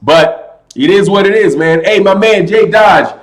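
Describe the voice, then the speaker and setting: A boxing channel host runs a casual livestream, reading his chat loudly and animatedly, a little slowly, in a voice a bit high for a man. He keeps calling listeners "man" and "brother," and his computer mic carries a slight echo.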